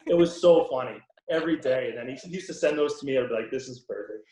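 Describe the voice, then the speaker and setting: Young man, boston accent, relaxed rambling, ums, echoey room. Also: mid-range voice, very fast. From Boston area. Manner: relaxed, many ums and restarts, laughs easily. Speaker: podcast guest, pro hockey player. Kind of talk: casual interview chat. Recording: roomy echo.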